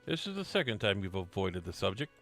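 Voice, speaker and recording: A man's voice: fairly low pitch, very animated, quick pace, a bit bright, faint music behind. A man streaming a detective game, reading his lines aloud and chatting casually.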